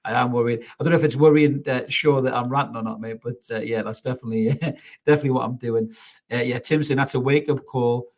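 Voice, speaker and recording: A man's voice: medium pitch, fairly even intonation, quick pace. A man hosting a live football reaction stream, ranting bluntly, swearing and reading out viewer comments. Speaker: football fan channel host. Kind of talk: live match reaction rant.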